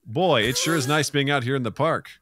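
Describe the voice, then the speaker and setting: A man's voice: medium pitch, brisk, fairly bright tone, no room sound, studio quality, voice pushed up, close to an everyday voice. A man voicing a clueless, eager-to-please AI chatbot in a story he is telling on a podcast. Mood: chipper. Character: chipper, clueless AI chatbot, male.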